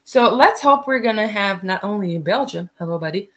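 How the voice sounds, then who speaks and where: A woman's voice: medium pitch, expressive, a little fast, a bit bright, highs cut off, a little hiss or hum. A woman co-hosting a casual podcast chat who teases her friend playfully. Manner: playful, teasing. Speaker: podcast co-host.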